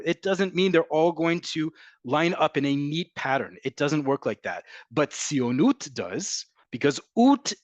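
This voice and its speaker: A man's voice: a little high, no echo. Emphatic man teaching Hebrew words. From from an American family. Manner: emphatic, repeats and drills pronunciations, addresses viewers as folks. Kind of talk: live online language class.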